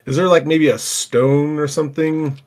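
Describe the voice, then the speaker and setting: A man's voice: a little high, level tone, moderate pace, darkish tone. A man playing in a tabletop role-playing game, stammering a little and laughing at himself. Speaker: player.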